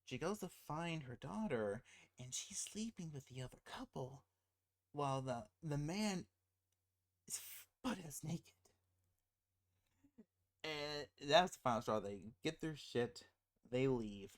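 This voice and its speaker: An unscripted spoiler rant about a film, delivered in a rambling, self-interrupting way. The speaker breaks off into laughing asides and jumps up loud and excited whenever the story frustrates them. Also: mid-range voice, slow pace, pauses often. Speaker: movie commentator.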